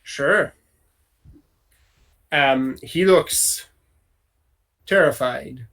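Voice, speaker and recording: A man narrating a tabletop role-playing game as game master, relaxed and rambling with lots of fillers. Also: mid-range voice, very slow.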